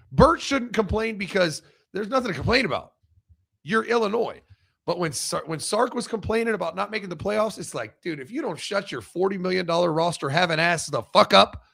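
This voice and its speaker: A man's voice: sits high, expressive, normal speed, vocal fry, a bit bright. A man co-hosting a sports podcast in casual, blunt and profane talk, often restarting his sentences as he makes a point.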